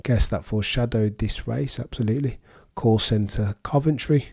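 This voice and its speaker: A man's voice: mid-range voice, moderate pace, gravelly, hardly any pauses, a little mellow, husky. A young man with a Birmingham accent chatting casually with viewers on a live race watchalong, reading out comments and making dry quips. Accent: Birmingham English. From England. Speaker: livestream host.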